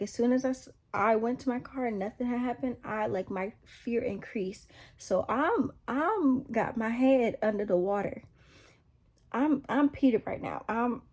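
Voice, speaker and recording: A woman vlogger shares her personal faith testimony in a casual, rambling way, repeating herself and making fun of herself along the way. Her voice is fairly high with a darkish tone.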